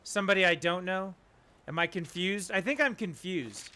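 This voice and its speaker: Chatty bright-voiced man streaming a game. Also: high voice, moderate pace. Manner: chatty, talks to his dog in a soft coaxing voice. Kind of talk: casual live-stream chat.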